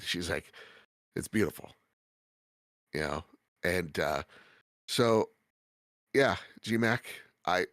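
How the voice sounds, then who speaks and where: A man's voice: on the low side, a bit bright, no room sound. Stuffy-nosed man, rambling and heartfelt. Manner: heartfelt, rambling with many restarts. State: stuffy nose. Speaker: podcast co-host. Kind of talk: casual chat.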